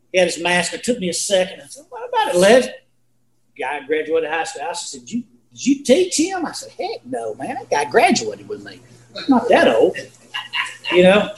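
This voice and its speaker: A man's voice: fairly high pitch, a little hiss or hum. A man in his sixties leading a casual Bible study, talking in a folksy, rambling, storytelling way. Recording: echoey room.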